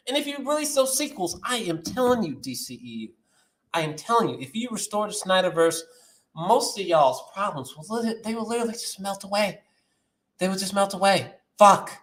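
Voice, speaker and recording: A man hosting a movie news vlog, ranting with lots of swearing and swinging from shouting to muttering. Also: high-pitched, sing-song, normal speed, roomy sound. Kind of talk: animated solo movie-news rant.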